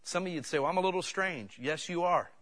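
Middle-aged male pastor, bright voice, folksy storytelling sermon style. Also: sits high, a little fast. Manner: folksy, conversational, builds to shouting peaks.

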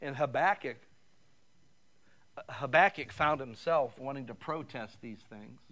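A man's voice: medium pitch, a little slow, bright, forceful tone. A middle-aged man preaching a sermon, conversational and rising at times to fervent, raised passages. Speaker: pastor.

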